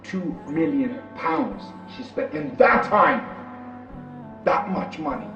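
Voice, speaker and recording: A preacher telling a story in an animated, dramatic way and acting out the characters, in an echoey, distant, muffled recording with music behind. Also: male voice, fairly high pitch, takes it slowly, vocal fry.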